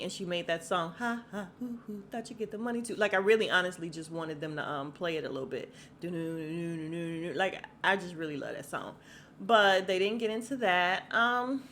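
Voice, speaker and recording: A woman's voice: lowish voice, a bit bright, a little hiss or hum. A woman hosting a podcast, ranting casually about celebrity news, chatty and laughing often as she talks to her listeners. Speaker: podcast host. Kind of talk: casual celebrity gossip rant.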